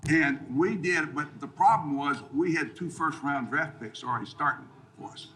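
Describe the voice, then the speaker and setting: An older man, a retired football coach, speaks with a bright, forceful voice. He is blunt and folksy, joking along the way and rambling through names and years. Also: on the high side, normal speed, slight background noise, low-quality recording. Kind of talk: casual interview chat.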